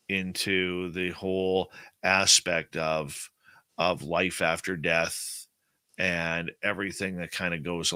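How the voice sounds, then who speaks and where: Deep, slow-talking man telling a story. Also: clean tone, no echo. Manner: animated personal storytelling, acts out quotes. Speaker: guest. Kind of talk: storytelling in an interview.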